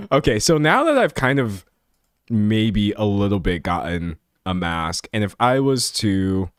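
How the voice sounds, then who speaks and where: A young man streaming live, chatting with his viewers in a joking, self-mocking way. His pitch jumps around a lot. The sound is dry and close, with hardly any room around it. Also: no echo. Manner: self-deprecating, chatty, laughs often. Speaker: livestreamer. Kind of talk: casual live-stream chat while editing.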